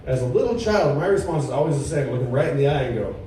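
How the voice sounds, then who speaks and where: A man in his thirties doing a stand-up comedy set with a laid-back, deadpan delivery at a comedy club. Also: medium pitch, racing, heavy reverb, recorded from a distance, a little hiss or hum, low-quality recording. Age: 30s. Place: comedy club with a live audience.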